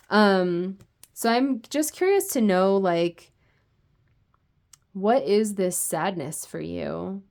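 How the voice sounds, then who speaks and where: A woman giving a casual spoken tarot reading in a gentle, meandering way, with many fillers. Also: medium pitch. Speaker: tarot reader.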